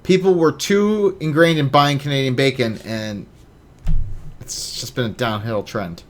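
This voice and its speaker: A man in his thirties hosting a casual podcast chat, jokey and animated, swinging between loud bursts and mumbles. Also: medium pitch, measured pace, a little hiss or hum. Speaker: podcast host.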